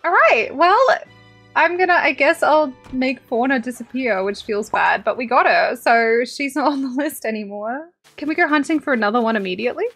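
Excitable Australian woman with a bouncy voice. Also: high voice, moderate pace, faint music behind. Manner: excitable, swears freely, laughs often. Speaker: gaming streamer. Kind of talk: casual game commentary.

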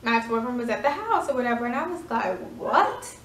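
A woman's voice: on the high side, animated, rapid-fire. A woman in her twenties, chatting dramatically through a casual storytime with lots of fillers. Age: 20s. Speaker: vlogger. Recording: echoey room, voice from far off.

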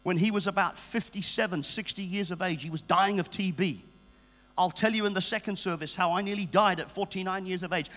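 A man's voice: sits high, brisk, fairly bright tone. A man in his fifties from England preaching a fervent sermon, using repeated call-and-response phrases. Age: 50s. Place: large church hall. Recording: echoey church hall with mains hum.

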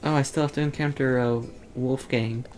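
Low-voiced playful woman chatting. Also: steady tone, normal speed, a little mellow, slight background noise. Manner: playful, teasing. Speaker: friend on the stream. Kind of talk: casual chat.

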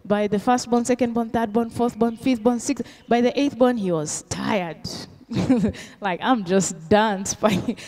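A woman's voice: a little high, measured pace, warm tone. A middle-aged woman pastor, preaching a sermon with call-and-response questions and Swahili phrases mixed in.

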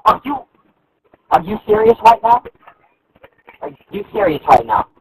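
A man with a very high, squeaky voice, swearing and shouting insults in online game voice chat. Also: sing-song, normal speed, creaky, heavy background noise. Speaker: online gamer. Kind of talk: trash talk over voice chat.

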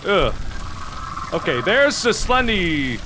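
Excitable young man yelling over a horror game. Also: high voice, takes it slowly, background noise. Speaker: gaming video host.

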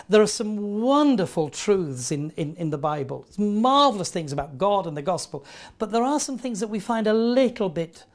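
Earnest male preacher. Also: high voice. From northern England. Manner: earnest, storytelling with lively asides. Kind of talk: sermon.

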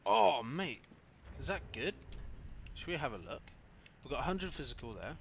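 A young man doing let's play commentary, swearing a lot and often breaking into angry yells. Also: medium pitch, very animated, normal speed, gravelly, a little hiss or hum. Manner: swearing, frequent angry yelling outbursts. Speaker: gaming youtuber.

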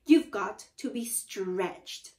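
A cruel, gloating old husband who taunts his wife, as a woman reading a storybook aloud puts him on. He speaks loudly and with mock solemnity. The pace is slow and deliberate. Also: medium pitch, reverberant, recorded from a distance. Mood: cruel teasing. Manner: loud, teasing, mock-solemn.

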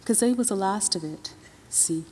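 A woman's voice: mid-range voice, normal speed, warm tone, husky. Woman reading aloud in a ringing hall. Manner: first-person narration in loose, drawling colloquial dialect. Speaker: author reading from her novel. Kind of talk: literary reading at an awards ceremony. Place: large ceremony hall. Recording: long-reverb hall.

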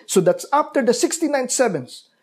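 A man preaching a sermon, explaining scripture step by step and rising in pitch when he presses a point. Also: very animated, normal speed, breathy edge. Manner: explanatory Bible teaching, rises in pitch when stressing a point. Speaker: pastor.

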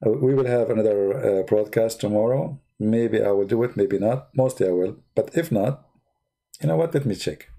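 A man hosting a livestream, retelling a story in a mocking, animated way and speaking broken, non-native English. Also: moderate pace, creaky. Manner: mocking, animated storytelling with big pitch swings. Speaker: livestream host. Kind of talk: casual livestream commentary.

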